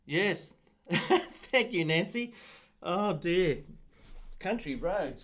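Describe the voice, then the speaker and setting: Over piano playing, a man gives a casual live-stream piano lesson, chatting, poking fun at himself, and chanting rhythms aloud. His high, fairly bright voice has lively intonation and is a little rough, with throat-clearing and coughs. He speaks very slowly and pauses often.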